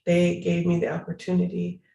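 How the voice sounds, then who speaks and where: A man's voice: sits high, completely flat delivery, normal speed, vocal fry, mellow, reverberant. A man, a city prosecutor, talking earnestly and emphatically in an interview over a video call, repeating phrases for stress.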